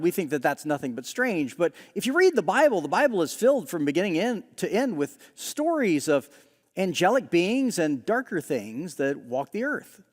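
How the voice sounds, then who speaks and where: A middle-aged male pastor preaching a sermon in a relaxed, conversational storytelling way, often pausing on "uh". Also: high voice, in a large hall. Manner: conversational storyteller with frequent "uh" pauses. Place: large church hall.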